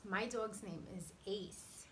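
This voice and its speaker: A woman teacher reads a picture book to young children, stopping often to explain new words and ask the class questions. Her voice is bright and clear, with a faint hum in the background. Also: medium pitch, slow, low-quality recording. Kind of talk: read-aloud to young children.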